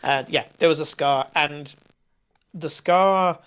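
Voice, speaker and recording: A man narrating as game master, halting with frequent fillers as he describes scenes. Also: a little high, fairly bright tone, smooth.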